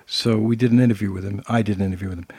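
An older man with a British accent, co-hosting a casual talk show and spinning animated anecdotes. His voice is husky. The sound is dry and close. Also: lowish voice, very fast, no room sound. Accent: British English. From Britain. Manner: animated storyteller who acts out quotes. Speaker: podcast co-host. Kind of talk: casual conversation, telling anecdotes.

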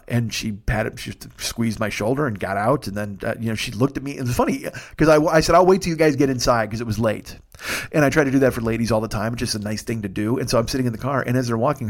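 A man in his forties hosting a solo comedy podcast, rambling through profane stories and tangents in a pleasant, resonant voice. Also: medium pitch. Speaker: podcast host.

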